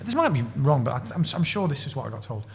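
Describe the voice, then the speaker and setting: A man co-hosting a podcast. He tells stories in a lively way, acts out the voices of the people in them, and laughs as he goes. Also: mid-range voice, quick pace, vocal fry, in a large hall. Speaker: podcast co-host. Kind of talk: animated anecdote telling.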